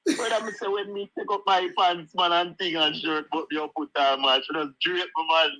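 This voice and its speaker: A man's voice: sits high, fairly even intonation, moderate pace, sharp tone, dry recording, rough recording. A middle-aged Jamaican man telling stories in casual chat, laughing often and saying "you know" at every turn.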